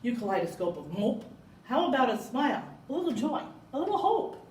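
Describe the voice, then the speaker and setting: A woman voicing a squirmy, slightly rude female squid in a storybook reading, her lilt climbing high. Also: big pitch swings, brisk, darkish tone, slight background noise. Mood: wheedling. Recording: echoey room, mic far off.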